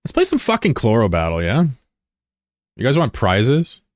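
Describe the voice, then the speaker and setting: A man's voice: mid-range voice, wildly swooping pitch, normal speed, dry recording, clean studio sound. A man from the United States streaming live and chatting casually with viewers, blunt and profane, arguing with critics in the chat. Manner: blunt and profane, often swearing; argumentative when answering critics. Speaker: livestreamer.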